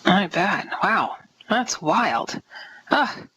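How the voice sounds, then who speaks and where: A woman's voice: mid-range voice, sing-song, extremely slow, sharp tone, breathy edge, rough recording. A woman co-host reacting to a guest's story and asking searching questions, with restarts as she works her way toward her point. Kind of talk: interview questions.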